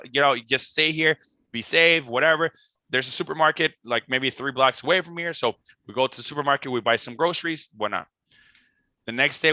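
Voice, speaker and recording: A young man from Costa Rica, a band member telling a tour story in a casual, animated way, full of "like" and restarts. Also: medium pitch, no room sound. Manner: animated, swearing, lots of "like" and restarts. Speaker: band member, podcast guest.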